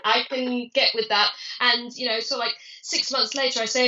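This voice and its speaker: A woman's voice: on the high side, moderate pace, background noise. A middle-aged woman, an author guest animatedly telling stories about her children in a casual interview. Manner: animated storyteller, acts out family quotes. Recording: distant, muffled remote audio.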